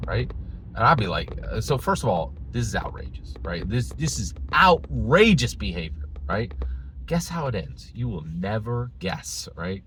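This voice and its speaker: A man's voice: lowish voice, a little slow, slight background noise, poor audio. A man from the United States telling a story in a casual, emphatic rant, acting out the people in it and often asking "right?". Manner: animated, emphatic, acts out quoted voices, keeps asking "right?". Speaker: commentary vlogger.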